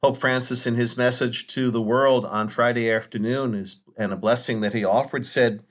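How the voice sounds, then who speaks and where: A male priest delivers a Sunday homily at a steady, unhurried pace. His voice sits in an ordinary middle register, earnest and measured, and he leans on pauses to let each point land. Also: mid-range voice. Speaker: Catholic priest.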